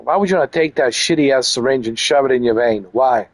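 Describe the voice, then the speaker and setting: A man's voice: medium pitch, a little fast, no room sound. A man giving casual let's-play commentary, crude and mocking, repeating his jokes. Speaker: gaming channel host.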